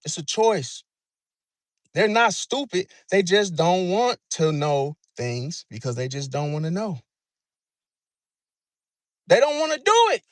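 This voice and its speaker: A man's voice: high voice, big pitch swings, takes it slowly, long pauses, dry recording, studio quality. A man in a casual monologue about zodiac signs, slangy and repetitive, calling the listener bro. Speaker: astrology commentator.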